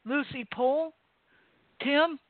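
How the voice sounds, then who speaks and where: A woman's voice: high-pitched, fairly even intonation, drawn-out words, dry recording. A chatty woman co-host chimes in and corrects others on a casual podcast. Her voice sits close and dry. The sound is tinny, like a phone line.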